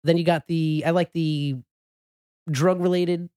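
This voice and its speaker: A man's voice: on the high side, little pitch movement, measured pace, dark tone, clear, resonant tone. A man chatting casually on a podcast, rambling with restarts and fillers and swearing now and then. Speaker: podcast co-host. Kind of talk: casual chat.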